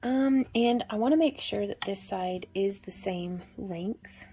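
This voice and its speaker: Female craft instructor, mellow dark tone, casual step-by-step tutorial delivery. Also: medium pitch, slow, slightly rough. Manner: relaxed, chatty, counts stitches aloud.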